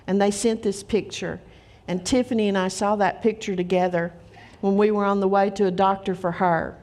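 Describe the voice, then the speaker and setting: A woman's voice: medium pitch, steady tone, normal speed, darkish tone. A middle-aged woman preaching a sermon, telling stories in an earnest, emphatic way.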